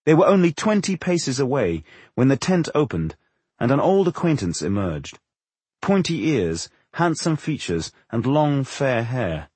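A man reading a fantasy audiobook in expressive, measured storytelling on a close studio mic. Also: medium pitch, slightly rough, no echo. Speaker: audiobook narrator. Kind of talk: scripted fantasy narration.

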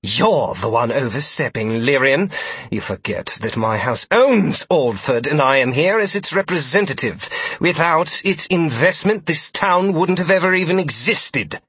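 A man's voice: on the high side, expressive, a little slow, fairly bright tone, slightly rough, dry recording, pitched above the performer's own voice, exaggerated voice. A man voicing a haughty, scheming male noble envoy who gives orders in a clipped, imperious, seething tone.

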